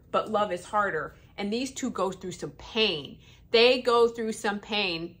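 Woman doing a casual book review vlog, chatty and excited, mid pitch. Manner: chatty and enthusiastic.

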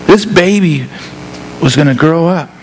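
A male pastor delivering a sermon with an animated, storytelling delivery, often doubling back on his words. His voice sits fairly high for a man, and a faint hiss runs beneath it. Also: a little slow. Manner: animated, acts out scenes, repeats words.

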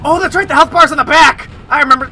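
A man commenting on his first playthrough of a horror game, excitable, yelping and swearing whenever something startles him. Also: very high-pitched, fast, slight background noise. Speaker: let's play gamer. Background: game music and sound effects.

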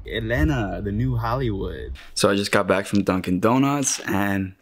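A man's voice: fairly low pitch, animated, moderate pace, a loud crowd. A young man from Michigan, a vlogger and actor, chatting casually to camera in a self-deprecating way and laughing often. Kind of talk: casual vlog chat to camera.

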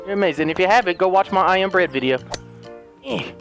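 A man's voice: sits high, fast, fairly bright tone, soft background music. A man giving hyper, jokey playthrough commentary as a gaming YouTuber, breaking into squealing outbursts.

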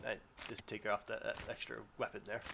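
A man commentating his own gameplay, excitable, yelping and groaning as things go wrong. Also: on the low side, fairly quick, creaky, very noisy. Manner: excitable, yelps and groans at setbacks. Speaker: let's play gamer. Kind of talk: live game commentary.

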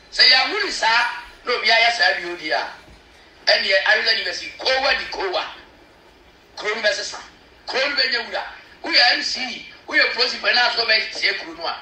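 A man with a Ghanaian accent, a chief's spokesman, explaining customs with lively asides. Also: high-pitched, echoey room, distant mic, poor audio. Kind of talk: explaining to a local news camera.

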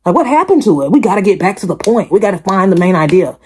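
A woman with a mid-range, breathy voice talks fast while hosting a reaction video. She chats casually and emphatically to her viewers, addressing them directly with animation and repeating her points.

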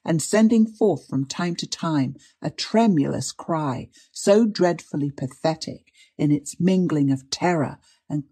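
Low, husky woman narrating an old detective story. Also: dark tone. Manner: measured, dramatic reading. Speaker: audiobook reader. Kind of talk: scripted narration.

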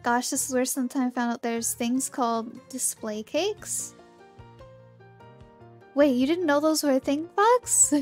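A young woman streams a game and chats casually with her viewers, bubbly and often giggling. Her high-pitched voice runs a little slow over soft background music.

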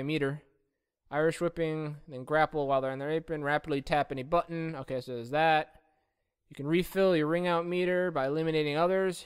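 A man's voice: a little high, fairly bright tone, clear, resonant tone. A young man commentating a wrestling video game casually, rambling and joking and slipping into mock play-by-play calls. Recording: echoey room, game music behind.

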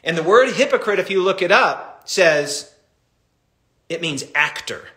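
A middle-aged male pastor teaches scripture with animated passion. His voice sits high and bright, and the room around him adds a roomy echo. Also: unhurried. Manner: animated, impassioned storytelling. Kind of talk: Bible study teaching.

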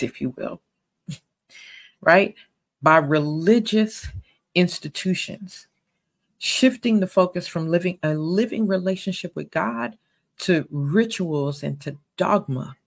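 A woman's voice: on the low side, takes it slowly, vocal fry, rough recording. A woman giving a sermon-style Bible teaching, earnest and conversational, with emphatic stresses.

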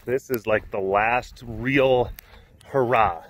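A man's voice: mid-range voice, slow pace. Rambling, jokey man talking outdoors. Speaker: vlog host at a big cat facility. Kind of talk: casual walk-and-talk vlog. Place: outdoors on a hot afternoon.

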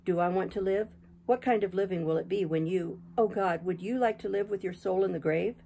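A woman's voice: on the low side, brisk, gravelly, mellow, a little hiss or hum. A woman reading an anguished, passionate young man, voicing a fierce lover with intense, reproachful words.

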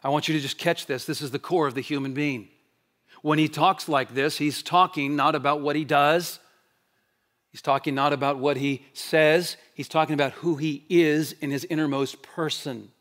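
A man preaching from the pulpit in a voice set a little higher than most men's. He drives his points home with insistent repeated questions, then sinks into quiet, low passages for weight. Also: steady tone, normal speed. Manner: emphatic repeated rhetorical questions; shifts between loud proclaiming and low quiet stretches. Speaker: pastor. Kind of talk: sermon.

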